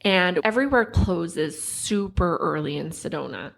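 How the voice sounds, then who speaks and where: A woman co-hosting a podcast, telling a story in an animated, chatty way with lots of "like". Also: lowish voice, a little slow, creaky. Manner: animated, lots of "like", acts out quotes. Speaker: podcast co-host. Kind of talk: casual storytelling chat.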